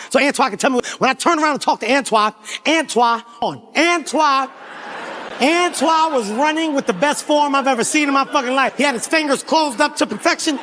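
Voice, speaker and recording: A man in his forties telling a profane stand-up story on a live stage, animated and often shouting. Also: very high-pitched, a little hiss or hum. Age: 40s. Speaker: stand-up comedian. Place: live comedy stage before a crowd.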